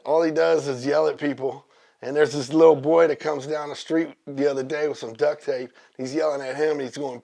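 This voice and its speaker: A man guesting on a comedy talk show, telling rambling jokes in a deadpan, drawling way. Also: on the high side, fairly quick, gravelly. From Northern California.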